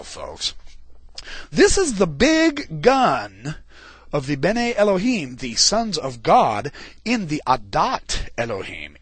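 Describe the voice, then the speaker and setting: A man giving an informal lecture on scripture, animated and colloquial, with dramatic emphasis and frequent asides to his listeners. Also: on the high side, breathy edge, no room sound.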